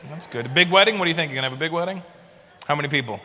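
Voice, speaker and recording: A man's voice: a little high, racing, long reverb tail. A middle-aged man doing stand-up crowd work, brash and teasing, swearing freely as he quizzes audience members. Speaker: stand-up comedian. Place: live comedy venue with audience. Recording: live show with loud crowd and room noise.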